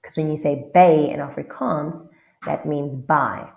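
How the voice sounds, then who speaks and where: A woman's voice: deep voice, steady tone, unhurried, gravelly, reverberant. A South African woman with a South African English accent, teaching a casual online language lesson and often checking in with the viewer.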